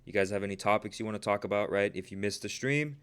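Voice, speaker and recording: Casual young man with a smooth voice. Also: lowish voice, fast talker, fairly bright tone. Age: 20s. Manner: casual, peppered with "right?" and "bro"; earnest, motivational. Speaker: trading livestream host. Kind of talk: casual livestream chat.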